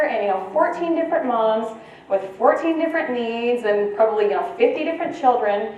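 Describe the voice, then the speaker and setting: A woman's voice: fairly high pitch, fast, a little mellow, dull audio. A woman presenting at a retreat, giving an informal talk to a live audience in a conversational way and checking in with her listeners. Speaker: conference presenter. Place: meeting room at a retreat. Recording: very echoey room, voice from far off, faint ambience.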